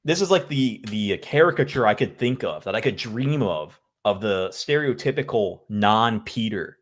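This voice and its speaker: A man co-hosting a casual comedy podcast, tossing in short deadpan quips. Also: on the low side, moderate pace. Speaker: podcast co-host.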